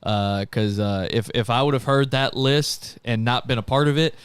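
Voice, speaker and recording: A man with a smooth, clear voice hosts a live podcast. He is easygoing and steers the conversation, with dry, close sound. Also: mid-range voice, dry recording. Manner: easygoing, quick to laugh, steers the talk. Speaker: podcast host. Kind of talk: casual live podcast chat.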